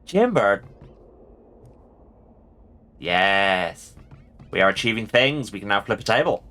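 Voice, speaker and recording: A man's voice: fairly low pitch, moderate pace, pushed and bright. A man hosting a let's play and giving playful, jokey commentary on the game. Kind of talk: casual gameplay commentary.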